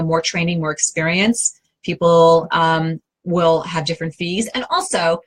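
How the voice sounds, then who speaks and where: This fairly low, somewhat bright voice belongs to a middle-aged New Yorker who advises on interior design and fields viewer questions. Her manner is chatty and direct, with lots of fillers and restarts, and the recording quality is low.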